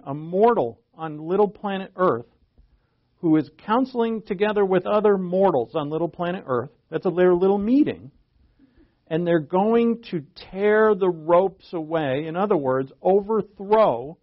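A man's voice: high-pitched, lively intonation, measured pace. A man in his fifties preaching a conversational Bible sermon, asking rhetorical questions and often restarting his sentences. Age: 50s. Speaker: pastor. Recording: dull lo-fi recording.

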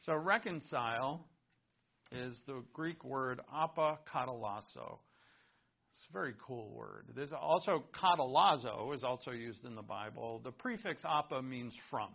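A man preaching a sermon in a lively, conversational way, with asides and laughter between points. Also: mid-range voice, a little slow, creaky, dull audio. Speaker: pastor.

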